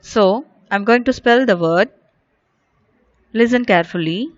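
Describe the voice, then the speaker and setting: A woman's voice: a little high, a little slow, no room sound. A woman teaching young children in a video lesson, patiently repeating each word and asking the class questions. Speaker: primary school teacher. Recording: dull lo-fi recording.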